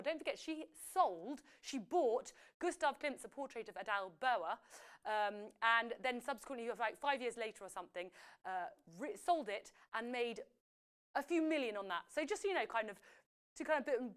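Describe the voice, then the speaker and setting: A woman hosting a live quiz, chatty and lively, often correcting herself as she goes. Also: high voice, smooth. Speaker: quiz host.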